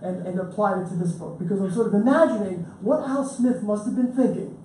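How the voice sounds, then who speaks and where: A man's voice: high-pitched, expressive, brisk, dark tone, slight background noise. A man giving an informal talk about his book, chatty and joking, with frequent restarts. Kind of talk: informal lecture with storytelling. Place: lecture room with audience. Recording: roomy, distant mic with faint ambience.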